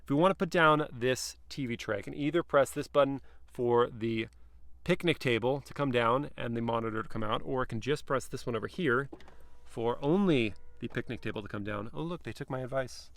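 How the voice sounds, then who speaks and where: A man's voice: medium pitch, a little fast, a bit bright. A man giving a casual, playful review from the back seat of a car, chatting and joking to himself as he goes.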